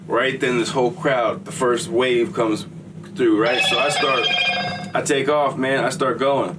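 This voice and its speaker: A man's voice: mid-range voice, fairly even intonation, a little slow, distant mic, heavy background noise. A man telling a story in a casual, slangy, streetwise way. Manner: slangy, streetwise, acts out quoted voices.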